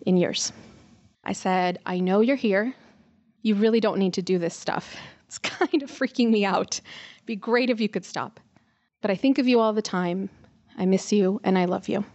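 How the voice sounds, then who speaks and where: Young woman, storyteller, earnest and conversational, middle pitch, live stage story.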